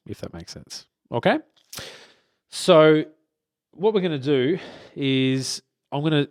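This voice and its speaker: A man's voice: fairly low pitch, no room sound. Laid-back male drum instructor, casual and chatty, dry close mic. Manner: relaxed, many fillers and restarts, checks in with "okay?". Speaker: drum teacher. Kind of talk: casual spoken lesson. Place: drum studio beside a drum kit.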